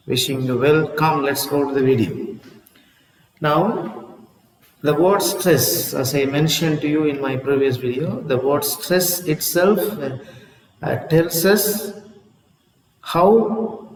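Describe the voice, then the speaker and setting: Male English teacher, slow and deliberate, a bit high, recorded far from the mic in a roomy space. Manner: slow, deliberate, repeats himself. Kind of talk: online lesson. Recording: echoey room, voice from far off.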